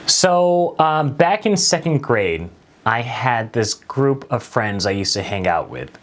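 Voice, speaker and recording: Male host, storytelling monologue, casual and self-deprecating, lively swooping pitch. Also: slow. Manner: animated, conversational, self-deprecating. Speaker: late-night show host.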